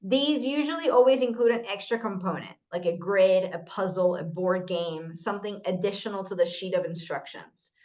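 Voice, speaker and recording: A woman training volunteer tutors, walking through a lesson plan on a shared screen in a casual, explanatory way with quick apologies. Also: medium pitch, darkish tone.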